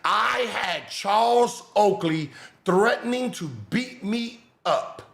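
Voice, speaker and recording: A man hosting a podcast, reacting to clips with mocking sarcasm, shouting and laughing. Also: high-pitched, takes it slowly, gravelly, echoey room. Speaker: podcast host.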